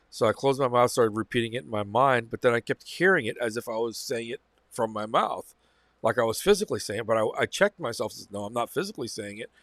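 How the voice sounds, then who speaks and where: A man's voice: mid-range voice, fairly bright tone, no room sound. Man telling a rambling personal story. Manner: rambling, repeats phrases, self-corrects. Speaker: channel host. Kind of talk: casual first-person storytelling.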